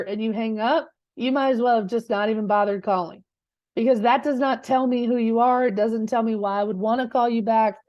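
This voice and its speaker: Fairly quick and steady in tone, this woman's slightly high voice comes through dull audio with no echo. As a real estate coach in a live session, she addresses her class directly and conversationally, checking in often and leaning on rhetorical "right?"s.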